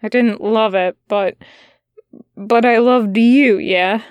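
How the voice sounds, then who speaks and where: A guarded male demon who mutters low and hesitant, as if his words come out reluctantly, as a woman reads him aloud. The reading is slow and dry, close to the microphone. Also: steady tone, clean tone, dry recording. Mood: hurt, guarded.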